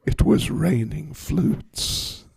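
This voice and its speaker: A monk giving a sermon, telling a story in an animated, playful way. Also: male voice, fairly high pitch, extremely slow, creaky, slightly rough, no room sound.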